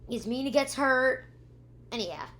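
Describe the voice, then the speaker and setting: A woman's voice: sits high, lively intonation, a little slow, fairly bright tone. A young woman recapping a show's episodes in a rambling, casual way, with many ums, acting out characters' lines and humming sound effects. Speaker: YouTube reviewer. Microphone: own camera.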